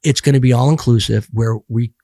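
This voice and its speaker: A man's voice: mid-range voice, fairly even intonation, fairly quick, mellow. A middle-aged man talking bluntly and profanely as a podcast guest, rambling with many restarts. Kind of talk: casual podcast conversation.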